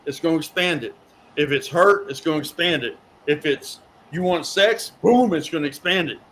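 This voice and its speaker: Guy rambling through a story, kinda high voice, faint hiss behind. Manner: rambling animated storytelling with repeated words. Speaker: guest. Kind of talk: storytelling in a talk show interview.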